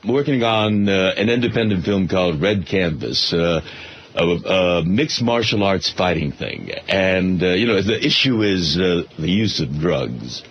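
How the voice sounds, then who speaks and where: Older man, lively low chuckling voice. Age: 70s. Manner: warm chuckling, measured with fillers. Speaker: guest actor. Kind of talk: casual radio chat. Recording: dull lo-fi radio with faint hiss.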